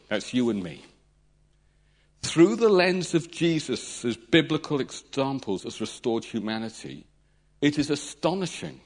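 A man preaching a sermon, animated, retelling stories dramatically with acted-out voices. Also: mid-range voice.

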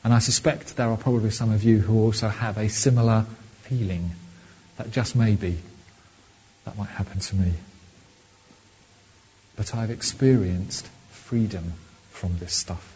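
A man preaching in a relaxed, conversational way to his congregation. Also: on the low side, unhurried, highs cut off, slight background noise. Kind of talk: sermon.

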